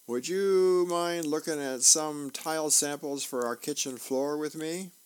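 A man's voice: a little high, a little slow, smooth, pitched above the performer's own voice, natural voice. Cheerful comic-strip wife, lifted and coaxing, read by a man.

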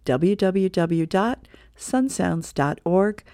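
Low-voiced woman reading the paper aloud. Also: slow pace, no room sound, studio quality. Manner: relaxed, plain reading with small self-corrections. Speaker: volunteer radio reader. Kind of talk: reading newspaper aloud for a radio reading service.

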